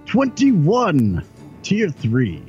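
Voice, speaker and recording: A man playing a tabletop game, cheering excitedly. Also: a little high, very slow, highs cut off, faint music behind. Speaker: player. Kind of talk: casual tabletop play.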